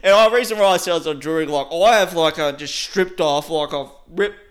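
A man's voice: fairly high pitch, fairly quick. A young man casually telling a story on a podcast, rambling with lots of "like" and frequent laughs.

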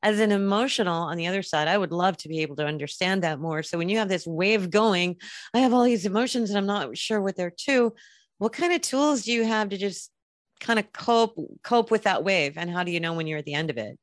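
A woman's voice: mid-range voice, dry recording, studio quality. A woman hosting a podcast in casual chat, easygoing and agreeable, asking her guest questions. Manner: easygoing, agreeable, with quick laughs. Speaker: podcast host.

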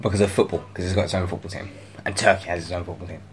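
A man hosting a podcast in casual chat, with a low-key, deadpan way of talking. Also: racing, a little hiss or hum. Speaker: podcast host.

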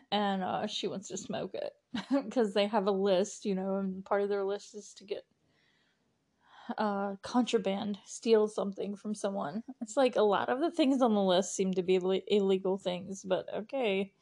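A young woman chats through a show recap at her own podcast mic, loose and giggly. Her voice sits at an ordinary middle pitch, and she keeps dropping in "like" and "you know" between quoted bits. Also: steady tone, unhurried, a little mellow. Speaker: podcast host.

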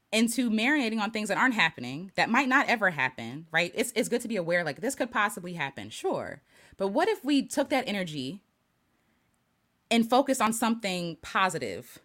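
A woman hosting a casual live stream, her voice climbing and dipping with lively pitch as she thinks aloud. She laughs easily and restarts her sentences often, in a warmly chatty, reflective way. She reads out viewer comments as she goes. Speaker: livestream host.

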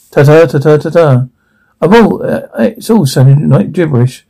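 A man with a gravelly voice delivering sitcom dialogue in halting bursts full of restarts. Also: fairly high pitch, animated, warm tone, low-quality recording.

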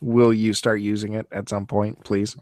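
Chatty podcast host, low voice. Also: male voice, level tone, normal speed, darkish tone, no echo, clean studio sound. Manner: chatty, teasing, laughs often. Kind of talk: casual chat.

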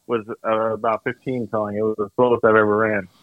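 A man's voice: on the low side, level tone, quick pace, phone-quality sound. A man on a crude podcast, needling and mocking a friend. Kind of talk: crude casual banter.

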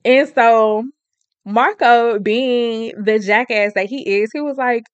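A woman chatting casually as she recaps a book, slangy and lively, with constant "she was like" asides. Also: on the high side, slow, clean tone, dry recording, highs cut off. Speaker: book reviewer.

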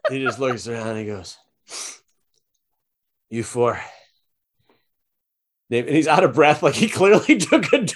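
A man's voice: mid-range voice, big pitch swings, a little fast, hardly any pauses, slightly rough. A man narrating an improvised tabletop game as game master, in a loose, casual way with many fillers.

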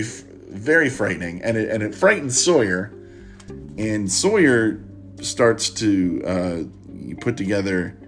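A man hosting a podcast, recapping and recommending a book in a halting, rambling way with many restarts. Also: on the low side. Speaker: podcast host.

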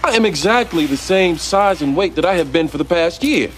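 Guy playing an indignant customer, bit high, pitch jumps around. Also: lively intonation, a little fast, lightly acted. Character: indignant male customer disputing a shrunken shirt.

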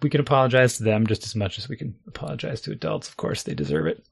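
A man's voice: mid-range voice, quick pace, gravelly, breathy edge. A middle-aged man chatting casually as a podcast co-host, reflective, thinking aloud and laughing often. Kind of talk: casual chat.

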